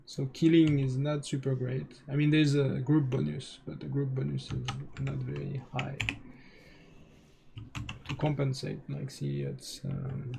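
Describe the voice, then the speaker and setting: A man with a French accent chats through his gameplay at an unhurried pace. His voice is heavily gravelly with vocal fry, and he thinks aloud, stopping and restarting his sentences. Faint keyboard typing sits behind him. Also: medium pitch, steady tone, background noise. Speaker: game streamer. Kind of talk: casual gameplay commentary.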